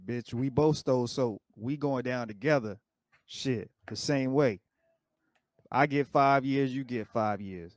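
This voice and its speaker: A man's voice: medium pitch, measured pace, dry recording. A man on a discussion panel, blunt and crude, cracking jokes.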